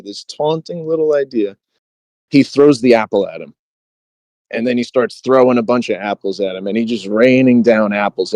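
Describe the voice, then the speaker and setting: A man's voice: mid-range voice, darkish tone, no room sound. A man co-hosting a podcast, casually retelling a book scene, quoting the characters and laughing as he goes. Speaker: podcast co-host.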